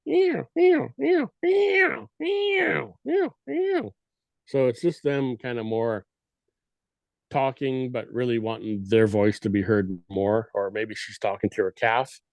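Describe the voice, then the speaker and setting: A man's voice: lowish voice, mellow, no room sound. A man on a podcast casually explaining elk cow calls and sometimes mimicking them with his voice. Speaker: guest elk calling expert.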